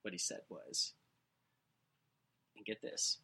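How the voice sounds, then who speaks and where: A man in casual comedic chat, telling absurd made-up stories in a deadpan way. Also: takes it slowly, background noise.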